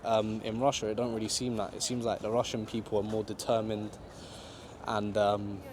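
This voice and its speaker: A man answering interview questions outdoors in a relaxed, conversational way. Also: lowish voice, moderate pace, background noise. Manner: laid-back, conversational, lots of "you know". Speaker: travel vlogger being interviewed. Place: outdoors in a city park.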